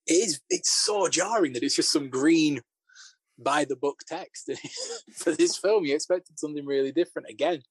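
A man's voice: on the high side, normal speed, husky, dry recording. A man offers wry, thoughtful asides on a film in a casual podcast chat. The recording is dry and close, with no room sound. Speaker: podcast co-host.

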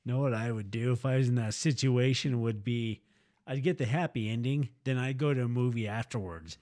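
A man's voice: mid-range voice, fairly quick, a little mellow. A man co-hosting a casual podcast chat, joking around and swearing. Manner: joking, profane banter.

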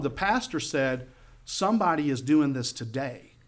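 A man preaches his own testimony from the pulpit. His voice sits a little high for a man and climbs sharply when he acts out the people in his story, almost yelling their lines. The delivery is lively and conversational. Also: normal speed. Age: adult, past high school. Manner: acts out quoted voices, yelling them higher. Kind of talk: animated sermon testimony.

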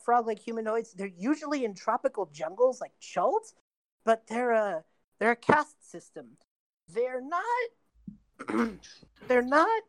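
A woman voicing a cocky, secretive spirit guide in a tabletop game, speaking offhand and trailing off low. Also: dry recording. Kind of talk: tabletop game role-play.

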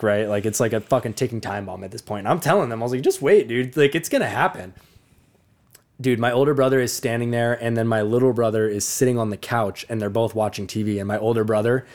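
Laughing, profane young man telling stories. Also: medium pitch. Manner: profane, animated storyteller who laughs often. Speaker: podcast co-host. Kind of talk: casual storytelling chat.

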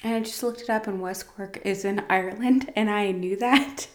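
A woman's voice: mid-range voice, fairly even intonation, normal speed. A woman hosting a casual podcast, chatting enthusiastically and rambling a bit about TV shows. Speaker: podcast host. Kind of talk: casual chat, reviewing TV shows. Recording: roomy echoey room.

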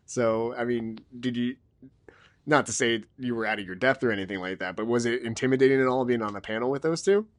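A man's voice: mid-range voice, brisk. A man from New Jersey hosting a podcast interview, friendly and jokey, laughing easily. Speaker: podcast host. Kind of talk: casual interview.

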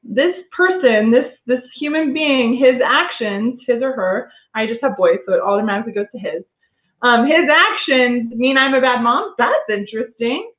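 A woman's voice: on the high side, animated, normal speed. A woman talking earnestly in a casual conversation, reflective and prone to restarting her sentences. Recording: tinny phone-line sound in an echoey room.

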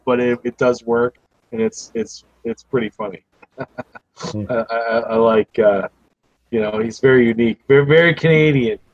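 A man's voice: medium pitch, no room sound. Curious man host, dull dry sound. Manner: curious, asks many questions, swears casually. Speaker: podcast host. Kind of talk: casual group chat.

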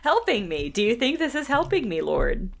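A woman's voice: fairly high pitch, sing-song, vocal fry. Playful woman podcast co-host. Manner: playful, acts out characters in quick asides. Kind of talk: casual chat.

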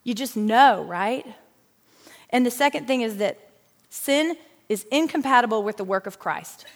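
A middle-aged woman teaching a lively church Bible lesson in a chatty, animated way, talking straight to her listeners. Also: fairly high pitch, a little slow. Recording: long hall reverb.

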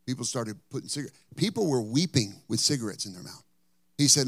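A man preaching a sermon, telling a story and then pressing his point, at times rising to loud outbursts and at times dropping to a whisper. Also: mid-range voice, lively intonation, fast talker, no room sound, studio quality. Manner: drops to a whisper for emphasis. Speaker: pastor.

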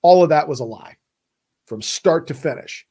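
A man's voice: on the high side, animated, normal speed, warm tone, breathy edge. Emphatic, plain-spoken male lawyer. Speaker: podcast host and criminal defense lawyer. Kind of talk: casual explainer talk.

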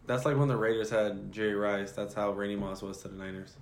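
A man's voice: lowish voice, flat delivery, fairly quick. A young man chatting casually as a podcast co-host, laid-back and profane, often answering in short replies. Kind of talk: casual chat. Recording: echoey room with faint noise.

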